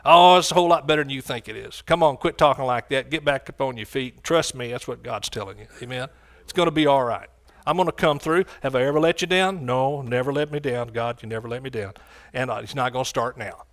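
A man's voice: mid-range voice, brisk. A man preaching a sermon with fervent energy, calling out to his congregation for responses.

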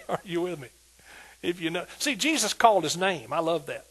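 An older man, a pastor, preaching an animated sermon in a folksy, colloquial way and often asking whether his listeners are with him. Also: sits high, normal speed, husky, poor audio. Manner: animated preaching, asks "are you with me?" repeatedly.

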